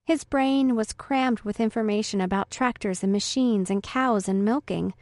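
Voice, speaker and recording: A woman's voice: mid-range voice, moderate pace, darkish tone, no echo, studio quality. A woman narrating a first-person story in an earnest, emotional way. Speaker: audiobook narrator.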